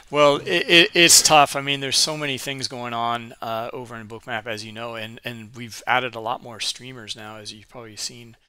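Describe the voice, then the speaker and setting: A man's voice: medium pitch, steady tone, normal speed, sharp tone. A man co-hosting a webinar, chatting casually and hesitantly, with many fillers. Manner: hesitant, heavy with fillers, laughing easily. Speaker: webinar co-host from the company. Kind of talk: casual chat.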